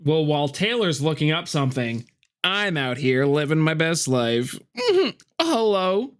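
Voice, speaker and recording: A man's voice: fairly high pitch, very animated, a little slow, a bit bright. A man co-hosting a casual podcast, joking and playful, and at times beatboxing. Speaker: podcast co-host. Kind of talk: casual chat.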